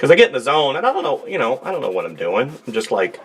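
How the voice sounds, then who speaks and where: A man's voice: medium pitch, very animated, fast, few pauses, fairly bright tone, husky. A man talking casually and rambling through a drawing demonstration at his desk, joking and talking to himself as he works. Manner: rambling, jokey, talks to himself while drawing. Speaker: artist. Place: home studio desk.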